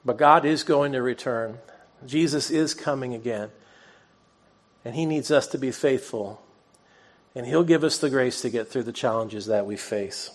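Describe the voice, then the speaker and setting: A man preaching in a relaxed, conversational storytelling way, at an ordinary middle pitch for a man. He stays earnest and personal, and he pokes fun at himself now and then. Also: moderate pace. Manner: self-deprecating humor. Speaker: pastor. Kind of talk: sermon.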